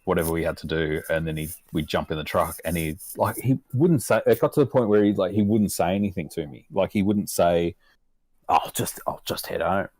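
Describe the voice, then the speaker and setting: A low-voiced Australian man spins a loose, rambling yarn in casual podcast chat. He laughs often and swears almost every line. The sound is dry and close, with no room echo. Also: a little fast, few pauses, a little mellow. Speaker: podcast co-host.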